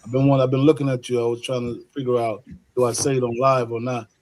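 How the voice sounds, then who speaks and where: A man's voice: medium pitch, little pitch movement, fast, a little mellow, slight background noise. A man on a casual podcast who talks in a playful, teasing, slangy way.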